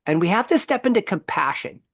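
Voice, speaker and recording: A middle-aged man co-hosting a faith podcast, telling a story in a lively conversational way with frequent restarts. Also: sits high, fairly quick, vocal fry, dry recording, studio quality. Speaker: podcast co-host.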